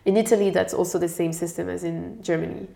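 A woman's voice: lowish voice, steady tone, fast, gravelly, dark tone. A woman from France, answering interview questions in a thoughtful, explanatory way. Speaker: guest expert. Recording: echoey room.

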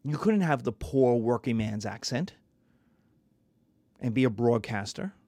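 Man, history lecturer, conversational and lively, mid-range voice, dry sound. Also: mid-range voice, measured pace, no room sound.

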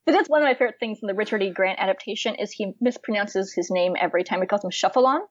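A young woman in casual chat about books and films, lively and giggly, full of fillers. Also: mid-range voice, very fast, no echo, dull audio.

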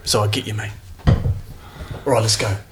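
A man's voice: fairly low pitch, steady tone, a little slow, noisy background, close to an everyday voice. A man voicing a cocky, laid-back action star who calls everyone mate, in a tabletop game. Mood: swaggering.

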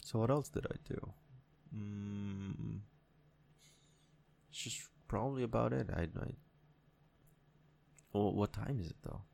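A young man hosting his own solo podcast, rambling in a casual, profane monologue that swings into animated rants. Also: fairly low pitch, slow, creaky, pauses often. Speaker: podcast host. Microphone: studio mic.

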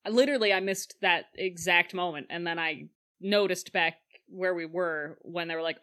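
A woman chatting casually about a film, animated and joking, acting out lines in silly voices. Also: lowish voice, normal speed.

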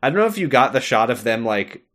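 A man's voice: medium pitch, big pitch swings, quick pace, fairly bright tone. A man co-hosting a podcast, chatting casually about a video game, laughing often and acting out the characters' lines. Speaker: podcast co-host.

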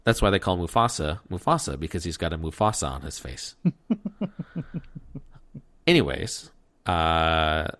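Deep-voiced jokey male podcast host. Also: very animated, measured pace, long pauses, fairly bright tone. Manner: jokey, rambling plot recap with silly voices. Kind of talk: casual podcast chat.

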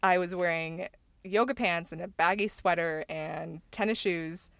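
A woman co-hosting a casual podcast chat, talkative and quick to laugh, often backing up her partner. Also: fairly low pitch, gravelly, fairly bright tone, no echo. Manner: talkative, laughs often, says mm-hmm a lot. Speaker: podcast co-host.

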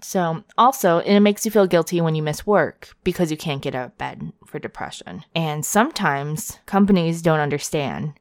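Low-voiced woman, candid and profane. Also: moderate pace, hardly any pauses, a little mellow, no room sound, clean studio sound. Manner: candid and profane, frequent tangents and laughs. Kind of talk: casual monologue.

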